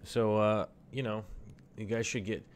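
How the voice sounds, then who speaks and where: Laid-back low-voiced man rambling. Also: level tone, measured pace. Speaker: live stream host. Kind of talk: casual live stream chat.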